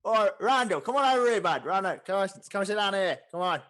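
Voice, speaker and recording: A man voicing a gruff male orc innkeeper with a bolted-on jaw, shouting short impatient questions in a raised, strained voice. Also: animated, a little fast. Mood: brusque. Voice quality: loud, high, barking shouts.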